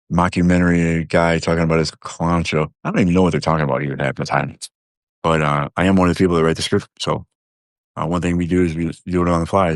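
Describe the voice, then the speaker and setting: A man's voice: low voice, dry recording, studio quality. A man hosting a live stream in loose, rambling casual chat, full of fillers and restarts, joking and talking straight to his viewers. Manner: joking, talks directly to viewers.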